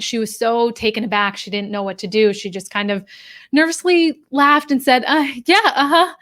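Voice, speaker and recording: A woman's voice: medium pitch, fairly bright tone. A woman who coaches and teaches human behavior, talking directly and conversationally to viewers on a live stream.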